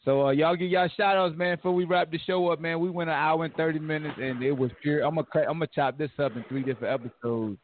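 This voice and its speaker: A man's voice: fairly high pitch, steady tone, fast talker, hardly any pauses. A man hosting a casual sports podcast with callers, playful and loose, often laughing. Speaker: podcast host. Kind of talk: casual sports call-in banter. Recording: tinny phone-line sound with faint noise.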